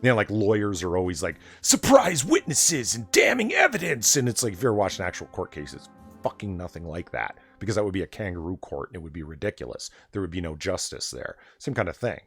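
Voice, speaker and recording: A man's voice: sits low, expressive, quick pace, husky, soft background music. A man hosting a late-night casual chat, talking in a sardonic, profane rant. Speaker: host.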